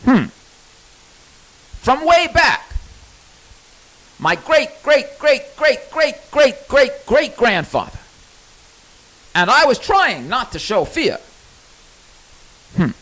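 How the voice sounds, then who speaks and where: A man's voice: very high-pitched, big pitch swings, takes it slowly, pauses often, fairly bright tone, poor audio. A man telling a personal story in a candid, rambling monologue, cursing freely.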